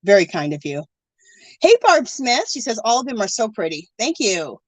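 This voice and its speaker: Woman, middle-aged, art livestream host, lively swooping voice, dry close sound, gushing, teary. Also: fairly high pitch, normal speed, no room sound. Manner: warm, gushing, emotional, scattered. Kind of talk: casual livestream chat reading comments. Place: home.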